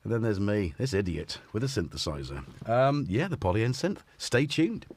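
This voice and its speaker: A man's voice: on the low side, very animated, normal speed, hardly any pauses, darkish tone, breathy edge, no room sound. A man hosting a live synth stream in casual chat, rambling and self-deprecating, tired and a little sore-throated. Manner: rambling, self-deprecating, playful asides to his cats.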